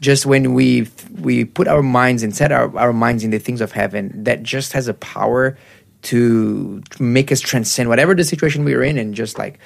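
A man hosting a breakfast radio show, talking with eager enthusiasm and halting fillers. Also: medium pitch, creaky. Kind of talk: casual radio chat.

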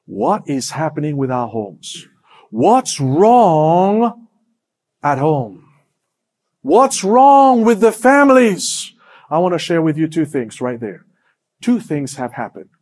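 A man preaching a sermon as pastor, asking his congregation questions and swinging between hushed, low lines and raised, emphatic ones.

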